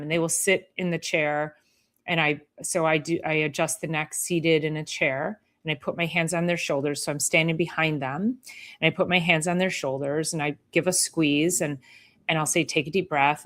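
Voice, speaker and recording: Woman chiropractor on a live stream, chatty and animated, lots of quick asides. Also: deep voice. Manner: animated, chatty, mimics patients with sing-song la-la sounds. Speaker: chiropractor hosting a weekly live health show. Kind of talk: casual live-stream talk.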